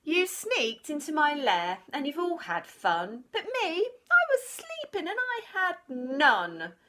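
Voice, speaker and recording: A big sleepy bear from a storybook whines and blubbers, as a woman reads him out. The voice sits high and wobbly, bright and slow. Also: wildly swooping pitch, full character voice. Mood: sulking. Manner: whimpering, blubbering.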